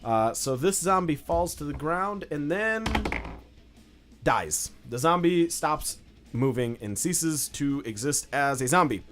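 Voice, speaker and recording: A man's voice: a little high, lively intonation, slow, fairly bright tone, soft background music. A young man narrating as game master in a loose, casual way, with lots of fillers. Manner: loose, filler-heavy describing with many "like"s.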